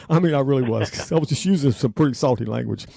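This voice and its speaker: Gravelly, excitable host. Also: male voice, mid-range voice, fast talker. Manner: excitable, emotional, laughs often, wanders off track. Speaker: radio show host. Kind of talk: rambling casual storytelling.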